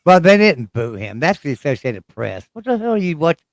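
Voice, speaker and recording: A man's voice: on the high side, big pitch swings, normal speed, no room sound. A man co-hosting a casual chat, blunt and teasing, swearing and repeating himself as he argues. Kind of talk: heated political argument.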